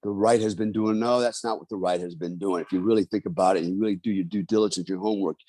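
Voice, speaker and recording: Low, mellow-voiced emphatic man. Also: steady tone, rapid-fire, no room sound. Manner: emphatic and ranting, often ending phrases with "man". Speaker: podcast guest, author and Army veteran. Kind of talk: casual conversation and storytelling.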